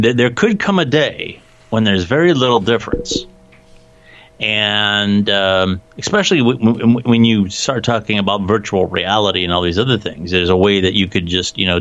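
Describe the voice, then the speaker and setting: Deep-voiced man chatting, stammering restarts. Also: fairly bright tone, lo-fi sound. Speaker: podcast co-host. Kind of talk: casual chat.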